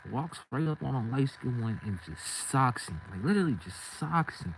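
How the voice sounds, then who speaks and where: A man's voice: mid-range voice, very animated, moderate pace, gravelly, a little hiss or hum, poor audio. A man telling a story from his own life in casual street slang, acting out the scenes as he goes.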